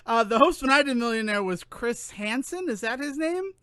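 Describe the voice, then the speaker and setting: A man co-hosting a podcast, chatting casually in an animated, rambling way that keeps interrupting itself. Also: extremely high pitch, normal speed. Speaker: podcast co-host. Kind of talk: casual chat.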